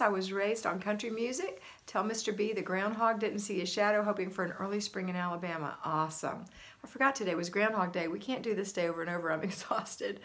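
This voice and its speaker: On her homemaking channel's livestream, a middle-aged woman keeps the casual chat cheerful, calling out viewers by name as she reads their comments. Her voice is a bit bright and sits at a medium pitch.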